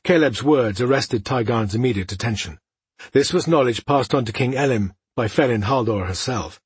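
A man reading fantasy narration for an audiobook, in an even, steady way. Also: mid-range voice, moderate pace, husky, dry recording.

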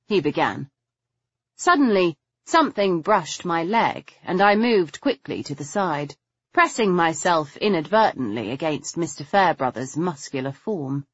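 Woman audiobook narrator, slow and expressive with a husky tone; dry, slightly dull recording. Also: deep voice, no room sound. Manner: measured, expressive reading. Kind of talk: scripted narration.

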